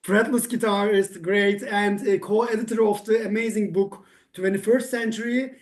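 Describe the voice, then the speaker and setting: A man whose first language is Turkish, hosting an online awards ceremony and speaking hesitantly with many pauses. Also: sits high, steady tone. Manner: hesitant, many "uh" fillers, friendly.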